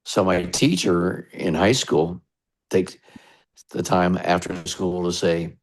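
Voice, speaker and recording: American radio DJ guest, deep and gravelly, spins loose anecdotes. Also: male voice, fairly even intonation, takes it slowly. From United States. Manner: chatty, rambling anecdotes. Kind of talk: casual storytelling interview.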